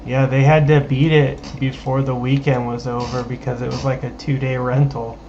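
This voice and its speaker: A man chatting casually with friends during a game, relaxed and quick to laugh. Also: medium pitch, dull audio, a little hiss or hum. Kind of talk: casual chat while gaming.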